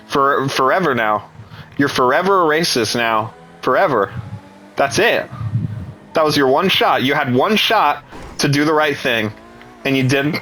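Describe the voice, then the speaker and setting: A man's voice: on the high side, fairly bright tone, a little hiss or hum, low-quality recording. A man ranting with scorn and profanity in an angry political commentary.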